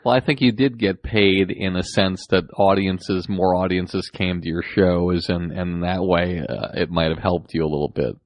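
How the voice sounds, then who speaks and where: A man hosting a podcast in casual chat, laughing easily and reflecting in a measured way. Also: low voice, fairly even intonation.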